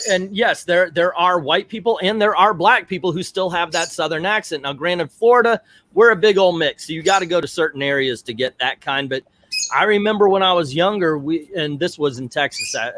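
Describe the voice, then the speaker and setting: Middle-aged male streamer, a touch higher pitched, casual and digressive commentary. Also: fairly bright tone, no room sound. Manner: chatty and digressive, talks aside to family. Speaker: livestream host.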